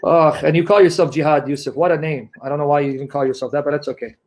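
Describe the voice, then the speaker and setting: A man's voice: on the high side, fairly even intonation, rapid-fire, a little mellow. A man arguing in a heated online debate, combative and mocking, often talking over his opponent.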